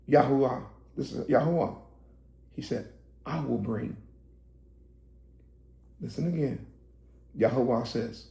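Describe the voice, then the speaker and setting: A man preaching a sermon to online viewers, his voice going hoarse, building to emphatic, shouted preaching. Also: medium pitch, reverberant. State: voice getting hoarse.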